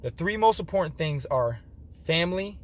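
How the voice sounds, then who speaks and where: A man with a somewhat high voice runs through a casual fantasy football preview late at night. He sounds worn out and slurs a little. He rambles and corrects himself as he goes. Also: expressive, moderate pace, low-quality recording. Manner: slightly slurred, rambling with self-corrections. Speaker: fantasy football league host. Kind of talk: casual game preview commentary.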